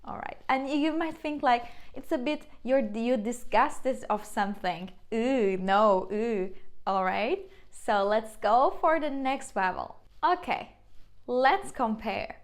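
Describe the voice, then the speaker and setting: A young woman with a Turkish accent teaches beginners, speaking slowly and patiently. Her voice sits a little high, and she repeats each sound carefully as she demonstrates it. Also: lively intonation. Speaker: language teacher. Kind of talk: beginner language lesson.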